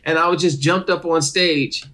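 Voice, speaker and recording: A middle-aged man, a comedian guest telling animated stories in a casual interview. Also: fairly high pitch, normal speed. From Detroit, USA. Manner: animated storyteller who acts out other people's voices.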